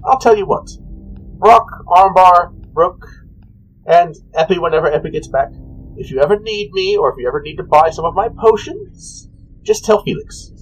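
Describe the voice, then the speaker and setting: A man's voice: sits high, normal speed, slight background noise, pitched above the performer's own voice, lightly acted, poor audio. A man voicing a cheerful female potion seller in a breezy, upbeat way.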